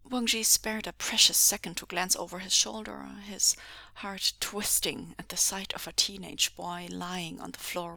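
A woman reading a fan story aloud in a breathy, half-whispered narration. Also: mid-range voice, bright, forceful tone, dry recording. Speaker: podfic reader. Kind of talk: audiobook narration.

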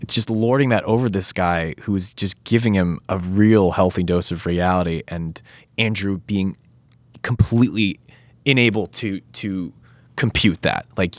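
An actor in a casual interview tells stories animatedly, using many fillers and swearing freely. His voice is low-pitched and measured in pace, on a dry recording.

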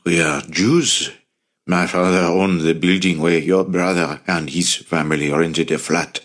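A man reading the part of a weary middle-aged father fleeing with his family, speaking in a tired gravelly voice. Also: deep voice, steady tone, unhurried, a bit bright.

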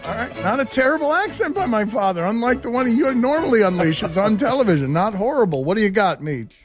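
A man's voice: high-pitched, very animated, brisk, music in the background. A man hosting a studio talk show, teasing co-hosts and laughing often in casual chat. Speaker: show host.

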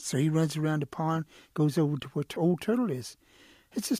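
A man telling a traditional animal story the way he tells it to schoolchildren, relaxed and animated. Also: fairly high pitch, brisk, breathy edge, no room sound, studio quality. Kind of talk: oral folk storytelling.

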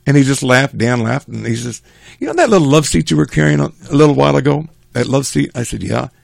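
An older man casually telling a rambling family story, animated and chuckling as he goes. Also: medium pitch, fast talker, vocal fry, dry recording.

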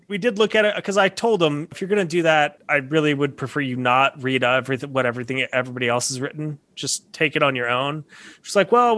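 Male co-host, teacher, fairly high bright voice, animated anecdotes with laughs. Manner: animated storytelling, laughs often, restarts. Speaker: podcast co-host, college teacher. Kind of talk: casual chat.

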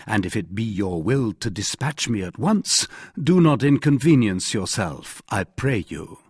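A man's voice: on the low side, sing-song, a little slow, darkish tone, slightly rough, dry recording, exaggerated voice. A man voicing a polite, bold young male swordsman in an audiobook, talking earnestly and formally.

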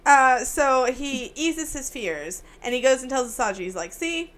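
A woman's voice: high voice, moderate pace, fairly bright tone. A woman co-hosting a casual, profane movie recap, acting out the characters' lines in a playful way. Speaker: podcast co-host.

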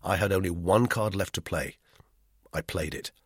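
A man narrating a first-person novel in a tense, lively way, recorded in a dry studio. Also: sits low, moderate pace, husky, no echo. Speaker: audiobook narrator.

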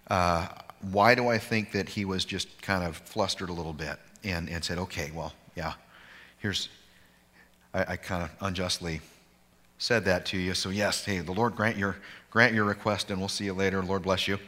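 Male pastor, low and punchy, casual teaching with dry self-mocking asides, heard in a big echoing sanctuary. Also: fairly even intonation, moderate pace, sharp tone. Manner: informal, digressive, self-deprecating humor. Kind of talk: conversational bible study teaching.

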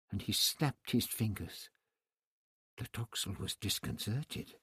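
Slow husky male storyteller. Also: on the low side, no echo, studio quality. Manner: measured, expressive storytelling. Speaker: audiobook narrator. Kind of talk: scripted narration.

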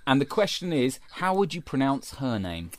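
A man's voice: medium pitch, very animated, moderate pace, no echo. A man co-hosting a comedy podcast, bantering playfully and steering the chat from topic to topic. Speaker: podcast co-host.

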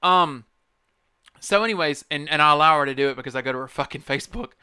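A man's voice: fairly high pitch, fast talker, sharp tone, clean tone, no room sound. A man hosting a podcast, ranting in a casual, profane, rambling and emphatic way into a close microphone. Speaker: podcast host. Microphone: close podcast mic.

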